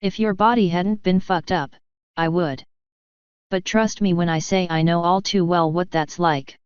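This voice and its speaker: A woman's voice: on the low side, steady tone, a little slow, smooth, no room sound, muffled recording, lightly acted. A woman voicing a blunt, crude young swordswoman with a dry way of talking.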